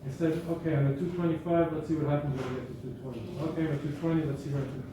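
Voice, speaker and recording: A man's voice: fairly high pitch, fairly even intonation, rapid-fire. Man speaking in an echoey hall. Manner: conversational, self-correcting, anecdotal. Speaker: guest speaker. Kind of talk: informal talk to an audience. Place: hall at a school gathering. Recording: echoey room, speaker far from mic, faint background noise.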